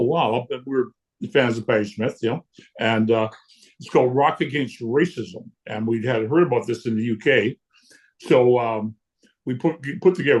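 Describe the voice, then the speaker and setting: A man, a guest telling stories in casual chat, lively and blunt, acting out what people said and swearing freely. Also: mid-range voice. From Canada. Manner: lively storyteller who acts out quotes and swears freely. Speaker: guest punk musician. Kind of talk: casual storytelling.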